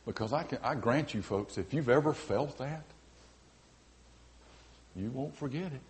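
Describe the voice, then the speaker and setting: A man preaches as pastor in a church sanctuary. His voice sits at an average pitch. He pleads earnestly, swelling into fervent cries and then falling back to quiet, face-to-face appeals. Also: expressive, measured pace. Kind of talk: sermon.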